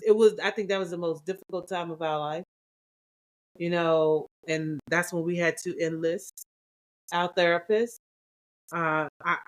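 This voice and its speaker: A woman co-hosting a couples podcast, chatting casually and acting out past conversations with lively swings in her voice. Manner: animated, acts out quoted dialogue with big pitch jumps. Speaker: podcast co-host.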